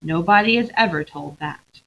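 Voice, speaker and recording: A woman reading aloud and voicing a great wise male lion, speaking slowly, quietly and gravely. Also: fairly low pitch, highs cut off. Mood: gentle, grave.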